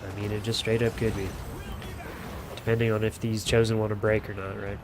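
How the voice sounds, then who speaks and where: A man's voice: lowish voice, flat delivery, a little fast. Casual man casting a strategy game. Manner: casual, rambling, many fillers and self-corrections. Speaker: game caster. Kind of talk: live game commentary. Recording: audible background noise.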